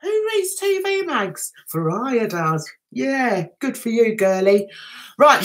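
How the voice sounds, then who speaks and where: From home, a high-pitched woman hosts a casual livestream, chatty and excitable as she reacts to viewer comments, speaking into a computer or phone mic.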